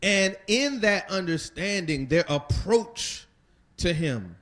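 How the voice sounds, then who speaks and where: A man leads a Bible study lesson, speaking conversationally and posing rhetorical questions to his listeners. His voice sits high and sounds animated and fairly bright, though he talks slowly.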